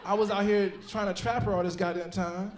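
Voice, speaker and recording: A man's voice: high voice, brisk. A man in his thirties performing a profane, laughing stand-up comedy set on a comedy club stage. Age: 30s. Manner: profane, animated storytelling with laughs. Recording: roomy live club sound.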